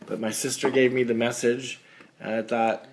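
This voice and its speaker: A man's voice: medium pitch, flat delivery, normal speed, noisy background. Rambling, jokey man on a podcast. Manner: rambling storyteller, jokey asides. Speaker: podcast guest. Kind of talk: casual podcast chat.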